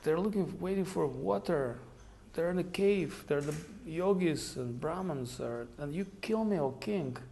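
A young holy man pierced by arrows, pleading in a soft, raised, fading voice, as a man puts him on. Slow, hushed and gravelly. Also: a little high, lively intonation, slight background noise, pitched above the performer's own voice.

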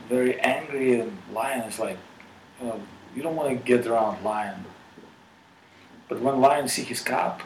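A man retells a scripture story in a devotional talk, animated and peppered with fillers. His voice is gravelly and mid-pitched. The sound is roomy, with faint noise behind it. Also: far from the mic. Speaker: spiritual speaker.

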